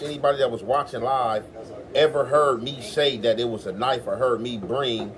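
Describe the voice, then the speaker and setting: A man's voice: mid-range voice, noisy background. A man hosting his own commentary show, talking back to a podcast clip in a defensive, insistent way and acting out what others said. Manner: defensive, insistent, acts out quotes. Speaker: host.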